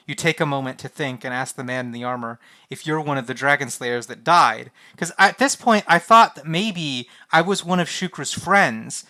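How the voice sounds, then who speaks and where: A man streaming a text adventure game, reading its lines aloud and reacting in an animated, swearing way. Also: mid-range voice.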